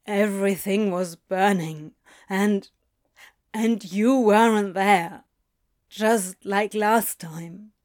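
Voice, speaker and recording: A shaken, worn-out male demon stammers and trips over his words, as a woman reader puts him on. He speaks slowly and haltingly, breaking off mid-sentence in broken fragments. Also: mid-range voice, darkish tone. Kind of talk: audiobook fan fiction reading.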